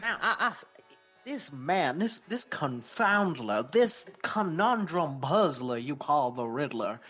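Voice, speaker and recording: Brief: podcaster doing a Southern gentleman detective, slow drawl, lively melody. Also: medium pitch, breathy edge, soft background music, heavily acted. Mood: amused musing. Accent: American Southern, put on. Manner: lively, theatrical, playful. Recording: echoey room recording.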